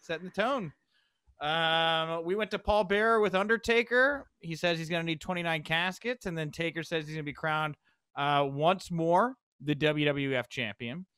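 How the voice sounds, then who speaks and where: A man hosts a casual podcast, recapping with quick, excitable asides. His voice sits a little high, and the sound is dry and close, with no room echo. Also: clear, resonant tone. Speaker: podcast host. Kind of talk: casual chat.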